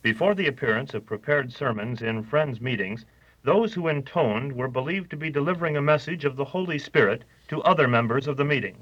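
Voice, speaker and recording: A man giving a measured, scripted explanatory narration. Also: medium pitch, fairly bright tone, breathy edge, lo-fi sound.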